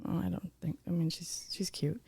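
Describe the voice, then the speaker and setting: Husky and fairly low, with vocal fry and a moderate pace, a woman co-hosting a podcast tells a story from work. It's a casual, fired-up, animated retelling packed with swearing.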